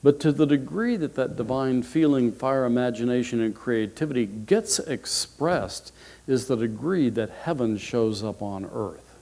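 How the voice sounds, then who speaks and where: Male minister, sermon, mid-pitched voice, unhurried storyteller with expressive swings. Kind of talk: sermon with a told joke.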